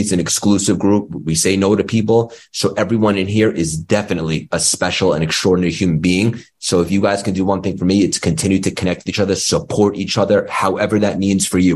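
A man's voice: deep voice, darkish tone. A man hosting a live online community talk, effusive and emotional, stammering over his words. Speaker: host.

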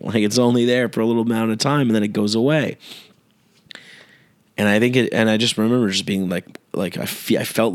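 A man's voice: lowish voice, dry recording. A young man hosting his own podcast, telling a long story in a meandering, laid-back way with many fillers and restarts. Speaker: podcast host. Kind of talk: rambling solo podcast monologue.

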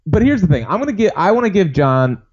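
Give me a laid-back man on a sports podcast who laughs easily and sounds incredulous. His voice is mellow and swings widely in pitch. The recording is a little dull. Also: big pitch swings, fast, husky. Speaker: podcast co-host. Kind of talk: casual sports chat.

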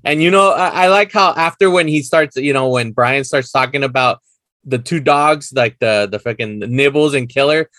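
A man from the United States hosting a podcast in casual chat, excitable, laughing often and acting out scenes. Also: medium pitch, normal speed, dry recording. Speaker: podcast host.

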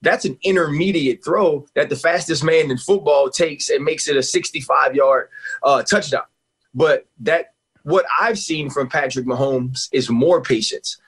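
A man with a husky, slightly high voice talks sports on a radio show. He is emphatic and animated and laughs often. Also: unhurried. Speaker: guest analyst, former player.

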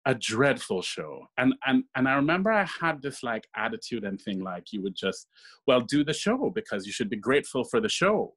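A man's voice: medium pitch, a little fast. A man, a stage actor, telling stories in a casual interview and acting out the voices of people he quotes. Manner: animated, acts out quoted voices. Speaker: guest actor.

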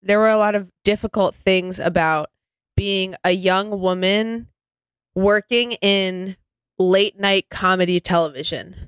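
A woman's voice: mid-range voice, fairly even intonation, unhurried, smooth, dry recording. A woman co-hosting a podcast, riffing in a sardonic, exasperated, comedic way. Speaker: podcast co-host. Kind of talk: casual comedic chat.

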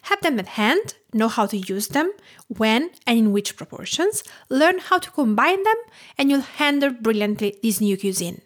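A woman from Tuscany with an Italian accent, hosting a cooking podcast in a measured, instructive way. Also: fairly high pitch, big pitch swings. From Tuscany, Italy. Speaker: podcast host and home cook. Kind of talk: scripted podcast narration.

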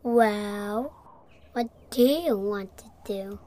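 A woman voicing a playful, stubborn young boy in an audio storybook, talking excitedly and protesting. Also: mid-range voice, drawn-out words.

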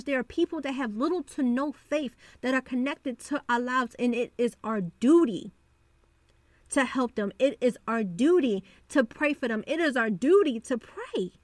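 High-voiced woman giving earnest devotional talk. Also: no room sound. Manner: earnest, preachy, repeats phrases for emphasis. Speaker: podcast host.

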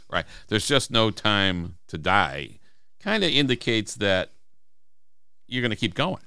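A man's voice: fairly low pitch, big pitch swings, slow, creaky, pushed and bright, clean tone, no echo, clean studio sound. A man co-hosting a podcast, talking through song lyrics in casual, emphatic chat and acting out quoted lines. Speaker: podcast co-host.

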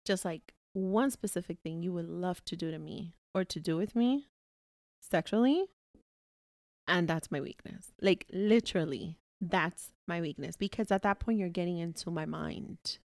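A young woman chats on her podcast, blunt, laughing and swearing freely. Her voice sits at a middle pitch. It is recorded close and dry. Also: moderate pace, no echo. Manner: frank, profane, laughing. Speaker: podcast co-host. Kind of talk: casual chat.

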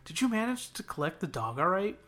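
A man reading aloud and voicing a lively young woman who works the front desk at an animal shelter, teasing and bright. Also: sits high, a little fast, soft background music, voice pushed up, heavily acted.

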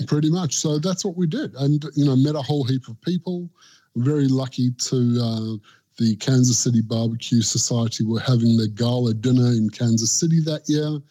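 A man's voice: medium pitch, fairly even intonation, moderate pace, mellow. A middle-aged Australian man, a barbecue pitmaster being interviewed, telling long anecdotes in casual chat and acting out what people said to him. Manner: rambling anecdotes, acts out quoted voices.

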